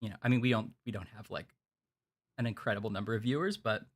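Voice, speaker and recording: A man's voice: lowish voice, fast talker. A man streaming a video game, chatting casually and rambling with restarts. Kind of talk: casual gameplay banter.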